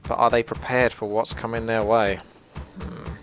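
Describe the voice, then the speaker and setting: A young man hosting a gaming channel, chatting and joking as he thinks out loud through live gameplay commentary. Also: medium pitch, flat delivery, normal speed, slight background noise. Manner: chatty, jokey, thinks aloud while playing.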